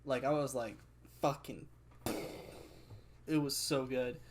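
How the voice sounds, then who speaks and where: A man's voice: medium pitch, fairly even intonation, slow, a little hiss or hum. A young man in a casual chat, enthusiastic and given to swearing. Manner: enthusiastic and profane.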